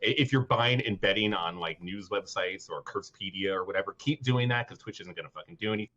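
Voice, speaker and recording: Low-voiced man ranting, muffled audio. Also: fast, bright, forceful tone. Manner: blunt, ranting, swears freely. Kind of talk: casual podcast chat.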